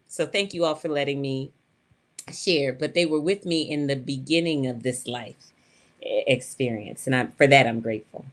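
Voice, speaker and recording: A woman telling personal stories in an animated, folksy way, often laughing as she talks. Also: lowish voice. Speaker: panel speaker. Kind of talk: personal storytelling.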